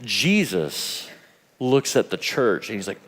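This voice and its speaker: A man preaching a sermon at a youth conference, animated and playful, acting out voices as he goes. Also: fairly low pitch, takes it slowly. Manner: animated, acts out quoted voices, laughs often. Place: large conference hall. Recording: long hall reverb.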